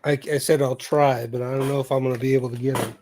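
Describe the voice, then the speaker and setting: A man's voice: medium pitch, little pitch movement, fast, noisy background. A man on a livestream as a guest, chatting in an easygoing way. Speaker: stream guest. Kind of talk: casual chat.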